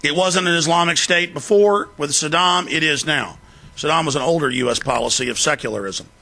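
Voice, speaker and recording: A male talk-show host with a gravelly, rough-edged voice that sits a bit higher than most men's. He speaks in a fast, emphatic rant, driving hard on each point with a bright, forceful tone. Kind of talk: ranting political commentary.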